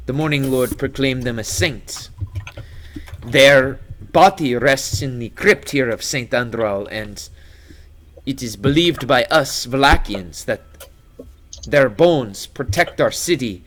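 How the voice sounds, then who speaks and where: A man doing a gentle village priest. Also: medium pitch, takes it slowly, a little hiss or hum. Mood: earnest. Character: soft-spoken male village priest, comforting.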